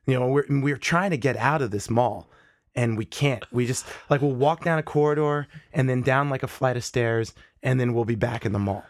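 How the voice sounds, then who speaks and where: Profane, animated man telling a story. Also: medium pitch, normal speed, no echo, studio quality. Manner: profane, animated, acts out the people in his stories. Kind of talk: casual storytelling.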